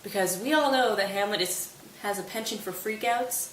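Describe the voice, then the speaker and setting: A woman's voice: mid-range voice, normal speed, fairly bright tone, recorded from a distance. A woman casually retelling a play in a chatty, wry, slangy manner. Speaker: student summarizing a play. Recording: roomy, off-mic, faint hiss.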